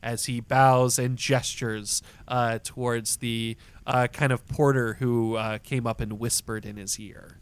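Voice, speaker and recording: A man narrating as game master of a tabletop role-playing game, describing scenes at length with many fillers and pauses. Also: medium pitch, little pitch movement, smooth.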